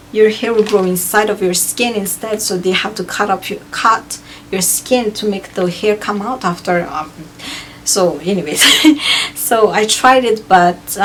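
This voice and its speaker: A woman's voice: mid-range voice, a little hiss or hum. A woman vlogger chatting casually through a review of used-up beauty products, with frequent fillers and repeated words. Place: home in Hawaii.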